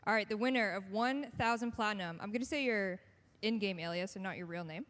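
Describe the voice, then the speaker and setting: A woman's voice: medium pitch, fairly quick, a bit bright. A woman hosting a live event on stage, upbeat and playful as she runs audience giveaways. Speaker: stage host.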